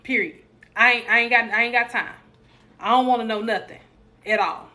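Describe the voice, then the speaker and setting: A young woman chats on a live stream, her voice bright and forceful and sitting a little high. She jokes with her viewers and slips into preachy encouragement. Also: fairly quick. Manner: animated, preachy, joking with viewers. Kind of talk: casual live stream chat.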